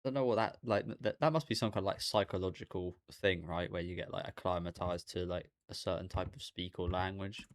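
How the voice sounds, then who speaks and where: A man's voice: sits low, a little fast, hardly any pauses. A young man rambling casually to himself as he reacts to an anime episode. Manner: rambling, talking aloud to himself.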